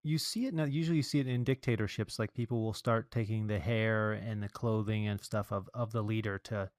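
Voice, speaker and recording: A man's voice: lowish voice, steady tone, fairly quick, no room sound. Jokey male podcast host, dry sound. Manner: joking, playful asides. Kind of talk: casual podcast chat.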